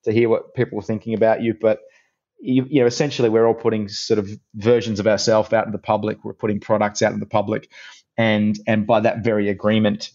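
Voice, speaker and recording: Chatty Australian man, animated storyteller. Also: fairly low pitch, fairly quick, muffled recording. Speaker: guest, actor and presenter. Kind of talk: casual podcast interview.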